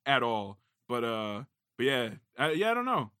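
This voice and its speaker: A male podcast host with a bright, forceful tone, recorded close and dry with no room sound. He keeps things easygoing and laughs along readily as he chats about voice work. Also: mid-range voice, sing-song, moderate pace, smooth, no room sound. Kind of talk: casual podcast chat.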